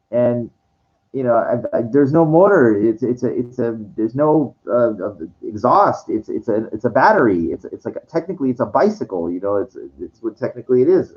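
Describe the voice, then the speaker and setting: Low-voiced man rambling through a story. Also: highs cut off. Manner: rambling, halting, many restarts and fillers, casual swearing. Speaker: vlogger. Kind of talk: casual storytelling monologue.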